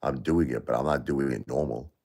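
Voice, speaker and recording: A man's voice: extremely low pitch, a little fast, vocal fry, darkish tone, husky. A middle-aged man hosting a livestream, talking emotionally to viewers and repeating himself as he grieves. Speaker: livestream host.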